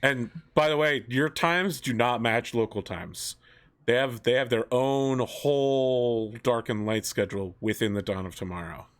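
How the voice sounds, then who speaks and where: A man's voice: medium pitch, unhurried. A man running a tabletop role-playing game as game master, teasing the players in a laid-back way and explaining the setting.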